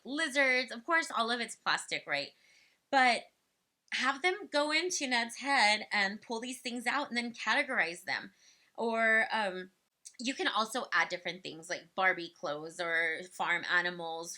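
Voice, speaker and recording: A woman's voice: mid-range voice, pushed and bright. A young woman casually advising parents on toddler speech, chatty with lots of fillers. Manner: chatty, filler-heavy, acts out playful quotes to children. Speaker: speech development educator. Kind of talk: casual advice talk to parents.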